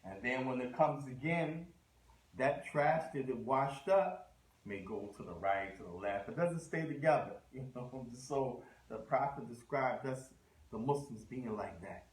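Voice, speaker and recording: Male lecturer, mid pitch, loose conversational delivery, echoey room. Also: animated, measured pace. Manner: conversational, scattered Arabic phrases and restarts. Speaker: Islamic lecturer. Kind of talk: religious lecture.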